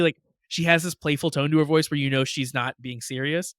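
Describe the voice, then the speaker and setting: A man's voice: fairly high pitch, fairly even intonation, moderate pace, fairly bright tone, clean tone, no echo. A man with a slightly raised voice co-hosts a casual podcast. He gushes with enthusiasm and leans on loose fillers. The sound is dry and close, with no room around it. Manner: gushing, enthusiastic, many "like" fillers. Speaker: podcast co-host. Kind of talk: casual chat.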